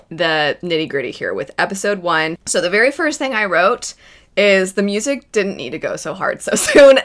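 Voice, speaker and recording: Bright-voiced, chatty young woman. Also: mid-range voice. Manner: chatty and enthusiastic, frequent laughs. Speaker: anime reaction vlogger. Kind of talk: casual first-impressions commentary.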